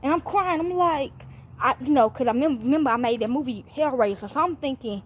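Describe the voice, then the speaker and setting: A woman talking straight to her viewers in a rambling, profane monologue. She repeats herself, stops often to ask "okay?", and gets louder and higher when she is excited. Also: quick pace. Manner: profane, repetitive, often checks in with 'okay?'. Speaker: channel host.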